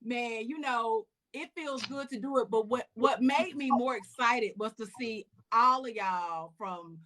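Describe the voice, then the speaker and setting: Hyped woman hosting a live chat, high voice, talks fast and excited. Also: slight background noise. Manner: excited, animated storytelling. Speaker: host. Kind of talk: casual chat.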